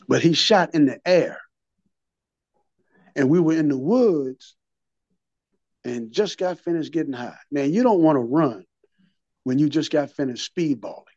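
A man's voice: fairly high pitch, lively intonation, unhurried, long pauses, darkish tone, no room sound, dull audio. A man in his fifties or older, telling his recovery story in an interview, a vivid storyteller who repeats and restarts his words and acts out what people said.

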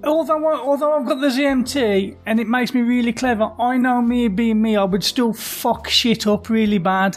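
A man's voice: extremely high pitch, moderate pace, hardly any pauses, faint music behind. A man co-hosting a casual podcast, blunt and cheeky, swearing freely as he jokes. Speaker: podcast co-host.

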